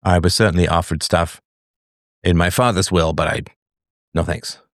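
Low-voiced man hosting a call-in show. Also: steady tone, normal speed, no room sound, studio quality. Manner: musing, chatty, many fillers and asides. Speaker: show host. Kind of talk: live call-in talk show.

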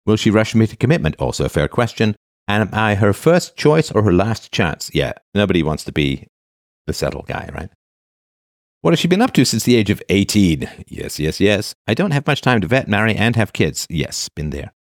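A man's voice: lowish voice, big pitch swings, normal speed, no echo, clean studio sound. A man in his fifties casually reading posts aloud and commenting on them, with frequent "uh" and restarts. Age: 50s. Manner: reads a line then comments, with frequent "uh" and restarts.

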